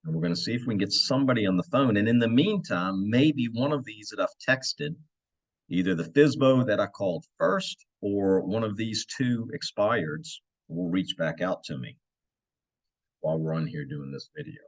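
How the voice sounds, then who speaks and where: Speaking at normal speed with vocal fry, a man with a low, lively voice works as a real estate agent and teaches cold-calling habits step by step. His tone is coaching, peppered with frequent "right?" asides.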